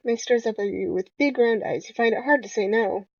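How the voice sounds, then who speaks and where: A young woman gamer with a slightly high, brisk voice plays a dating game aloud, reading the narration and joking playfully with frequent laughter. It's a dry, dull, lo-fi home recording.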